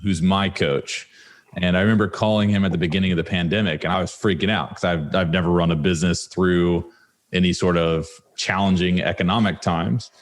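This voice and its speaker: A young man hosting a podcast, telling a personal story in a relaxed, animated way. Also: low voice, fairly quick. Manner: animated storytelling with laughs and quoted exchanges. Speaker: podcast host. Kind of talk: casual interview chat.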